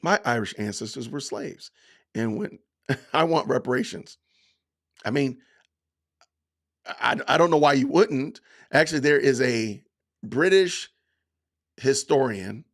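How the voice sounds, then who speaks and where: A man's voice: mid-range voice, expressive. A man hosting a livestream podcast, chatting loosely with his viewers. He reads out commenters by name and reacts in a sarcastic, mock-offended way, leaning hard on his words and drawing them out. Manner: sarcastic mock-offended, drawn-out emphatic delivery; addresses chat commenters by name. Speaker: podcast host reading live chat.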